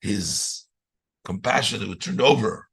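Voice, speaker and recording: Gravelly, bright-toned rabbi teaching a text. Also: male voice, on the low side, a little slow. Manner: reads Yiddish lines then paraphrases in English. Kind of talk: Torah class, translating Yiddish to English.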